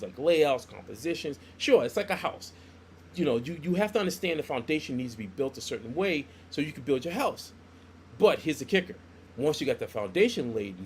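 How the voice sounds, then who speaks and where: A fairly high-pitched man, middle-aged and working as a comic book artist, shares stories on an informal podcast. He animatedly acts out the dialogue he quotes, with a little hiss or hum in the audio.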